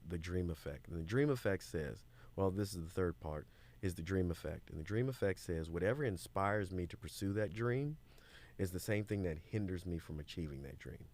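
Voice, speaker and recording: Lively male guest storyteller with a somewhat low voice, casual podcast register. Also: moderate pace. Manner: animated storytelling, acts out quoted voices. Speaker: guest, business owner and mentor.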